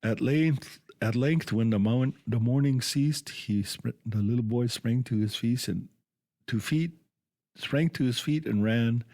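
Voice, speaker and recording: A man reading a storybook tale aloud on a radio culture program, halting now and then to restart words. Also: on the low side, darkish tone, breathy edge, no room sound, clean studio sound.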